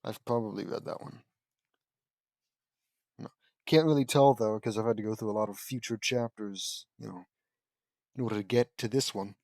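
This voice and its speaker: A man's voice: on the low side, moderate pace, gravelly, long pauses, darkish tone, no room sound. Rambling man reading aloud, dry sound. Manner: rambling, self-correcting, offhand asides. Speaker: audiobook reader and commentator. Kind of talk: casual read-aloud with commentary.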